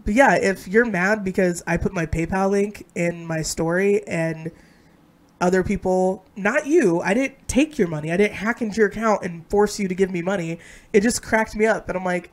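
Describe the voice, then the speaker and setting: A woman's voice: medium pitch, normal speed. A woman co-host with a nasal, sick voice, bantering sarcastically in a casual live-stream chat.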